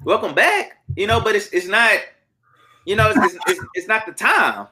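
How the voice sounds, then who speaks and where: Man, sports betting co-host, bright voice, lively swings in pitch, repeats himself for emphasis. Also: moderate pace, faint music behind. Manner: animated, repeats words for emphasis. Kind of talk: casual sports betting chat.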